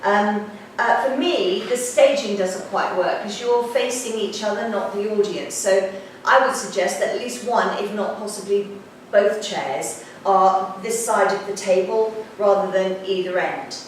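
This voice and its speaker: A woman runs a drama class and gives brisk, practical notes to her students. She is picked up from some distance in a very echoey classroom, with a faint hiss of noise underneath. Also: mid-range voice. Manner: brisk and directive, quick instructions. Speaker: drama teacher. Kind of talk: classroom feedback session.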